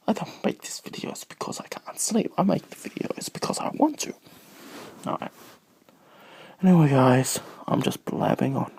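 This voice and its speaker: Sick with a cough, a man rambles through a casual monologue for his video blog viewers, easily distracted and drifting into whispers, recorded on a phone camera. His mid-range voice is animated, creaky, and darkish with a breathy edge, at normal speed with no echo.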